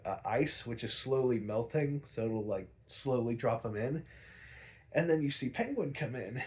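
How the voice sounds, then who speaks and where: A young man casually recapping a TV episode, rambling with lots of fillers, laughing often and acting out characters in quick raised voices. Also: mid-range voice, a little mellow. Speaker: podcast host recapping episodes.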